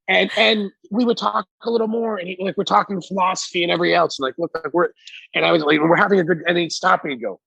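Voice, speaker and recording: Gravelly, husky man telling wrestling-style stories. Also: high voice, fast, no room sound. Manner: animated, profane, acts out quotes. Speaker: guest. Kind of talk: casual storytelling. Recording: dull lo-fi recording.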